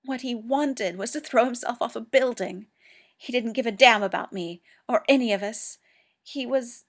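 A grieving, prickly former soldier, voiced by a woman reading a story, terse and defensive. His lines come out loud and clipped, as if he is holding back a flare of temper. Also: a little high, lively intonation, measured pace. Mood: anguished.

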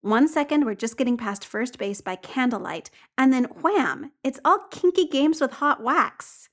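A woman voicing an earnest, frustrated young man in a story reading, with a fairly high voice. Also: animated, measured pace. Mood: exasperated earnest. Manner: earnest and exasperated. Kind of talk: audiobook character voice.

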